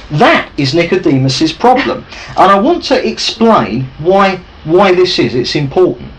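A man teaches through a Bible passage and keeps checking that his listeners follow. His voice sits a little high and swings widely in pitch. A faint ambient hiss runs under the recording. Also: normal speed, low-quality recording. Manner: lively, conversational, checks in with listeners. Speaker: preacher.

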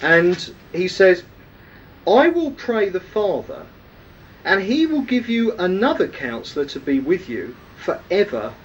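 A man's voice: sits high, sing-song, unhurried, recorded from a distance, muffled recording, a little hiss or hum. A man preaching a sermon, teaching emphatically and often asking his listeners questions. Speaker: preacher teaching a weekly series.

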